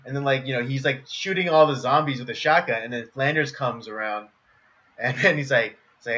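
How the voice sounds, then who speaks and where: A man with a bright, tense voice talking eagerly on a live podcast stream. He gets louder and more animated as he acts out favorite lines. The audio is dull and lo-fi. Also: medium pitch, brisk. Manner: eager, gets loud and animated acting out quotes. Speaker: podcast co-host. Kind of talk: casual chat about cartoon episodes.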